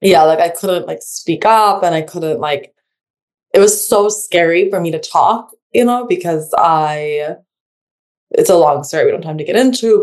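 A woman speaking in casual conversation as a guest, halting and filling her speech with "like" and restarts. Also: on the low side, a little mellow.

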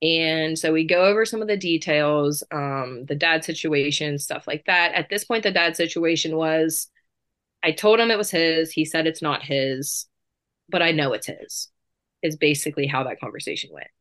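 Woman, 30s, interview guest, chatty, fillers, low-ish pitch. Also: fairly bright tone. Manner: chatty, fast bursts, lots of fillers. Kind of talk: casual storytelling interview.

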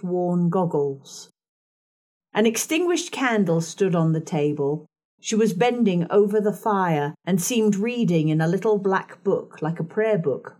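A woman narrating an audiobook chapter in a measured, calm way. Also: lowish voice. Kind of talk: scripted narration.

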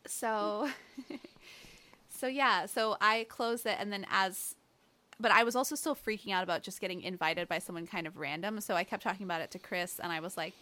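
A woman's voice: medium pitch, moderate pace, bright, forceful tone. A woman chatting casually, telling rambling stories full of fillers and quoted lines. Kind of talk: casual chat.

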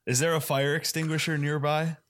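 A man playing a tabletop game on a podcast, flatly stating his actions in a deadpan way. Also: on the high side, a little fast. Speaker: player. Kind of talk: casual podcast game play.

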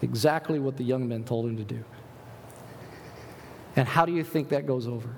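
A male pastor giving an animated sermon, asking rhetorical questions and reading scripture aloud. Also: medium pitch, normal speed, gravelly, long reverb tail, slight background noise.

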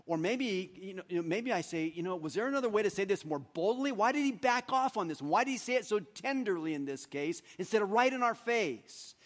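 A man with a high-pitched voice preaching a sermon to his congregation. He is animated, breaks into joking asides and acts out little voices to make his points. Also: fairly quick, few pauses. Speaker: pastor.

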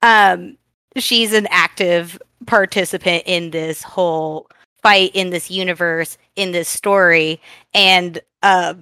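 A woman co-hosting a casual film discussion, talking enthusiastically in quick run-on sentences with frequent laughs. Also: lowish voice, fairly even intonation, pushed and bright, smooth, dry recording. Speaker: podcast co-host.

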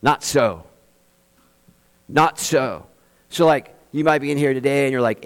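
A man preaching a sermon as a pastor, emphatic, speeding up for asides and slowing to stress key phrases. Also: medium pitch, long reverb tail. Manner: emphatic, shifts between quick asides and slow stressed phrases. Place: church in Austin, Texas.

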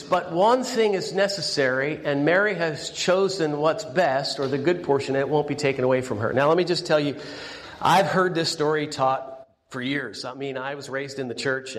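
High-voiced man preaching in a hall. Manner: animated storytelling, many restarts. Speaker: pastor. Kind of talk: sermon at a breakfast event. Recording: long hall reverb.

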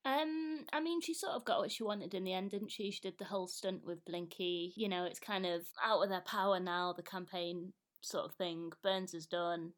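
A woman co-hosting a podcast, relaxed and quick to laugh while discussing an episode. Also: on the low side. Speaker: podcast co-host. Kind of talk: casual chat.

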